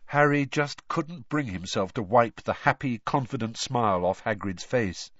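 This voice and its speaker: A male audiobook reader with a lively, rising and falling pitch, telling the story expressively. The sound is dry and a little dull, like a close booth recording. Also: normal speed, few pauses, no echo. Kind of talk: scripted narration.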